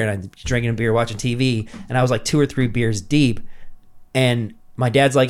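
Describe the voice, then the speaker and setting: A man's voice: a little fast, smooth. A young man, telling stories in casual chat and acting out quotes in a jumpy, swearing way. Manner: animated, acts out quotes with jumps in pitch, heavy swearing.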